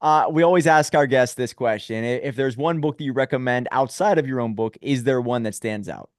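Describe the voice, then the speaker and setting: A man hosting a podcast interview, speaking in a friendly, upbeat way. His voice is smooth and clear, with a dry sound and no room echo. He sounds like he is on a video call. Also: mid-range voice, fairly quick. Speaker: podcast host. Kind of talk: casual interview.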